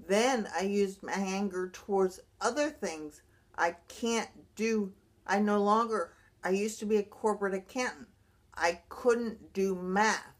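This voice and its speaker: A middle-aged woman, a brain injury survivor, talking earnestly about her recovery in a halting way, often restarting her sentences. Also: medium pitch. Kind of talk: personal vlog monologue.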